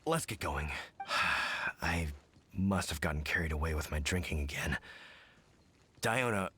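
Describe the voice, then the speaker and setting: A man's voice: extremely low pitch, expressive, unhurried, sharp tone, slight background noise, exaggerated voice. An actor playing a sheepish, hungover father in a video game, talking in a weary, sighing way. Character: sheepish hungover father, gruff grown man. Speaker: game character, drunk father.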